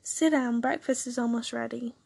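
A woman voicing a young female supervillain who talks in a dry, sarcastic, offhand way, with a husky voice. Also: fairly high pitch, steady tone, normal speed, darkish tone, no echo.

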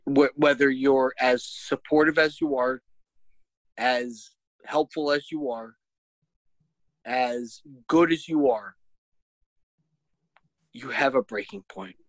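A man's voice: medium pitch, takes it slowly, pauses often, dry recording, poor audio. A man chatting casually, telling an exasperated, profane story as a parent. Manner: shouts when quoting himself. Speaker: podcast host, parent. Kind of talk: casual chat.

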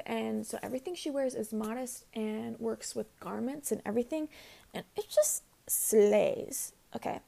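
A woman's voice: a little high, gravelly, dark tone. A woman in her twenties hosting a casual solo podcast, chatty and rambling with lots of fillers. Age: 20s. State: out of breath. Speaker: podcast host.

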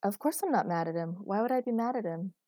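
A woman reading aloud, voicing a puzzled, literal-minded young woman writer who speaks flatly. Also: medium pitch, fast talker, no echo, clean studio sound, close to an everyday voice.

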